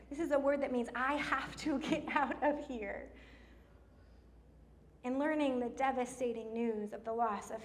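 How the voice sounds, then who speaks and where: A middle-aged woman preaching a sermon in church, telling stories in an animated way, slowing down for emphasis. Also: fairly high pitch. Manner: animated storytelling with laughs and slowed emphasis. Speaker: pastor.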